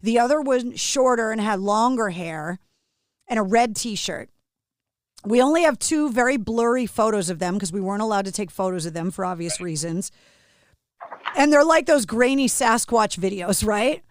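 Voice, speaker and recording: A woman's voice: mid-range voice, normal speed, no room sound. A middle-aged woman hosting a podcast who tells stories vividly and casually, with some swearing. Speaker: podcast host. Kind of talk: casual storytelling chat.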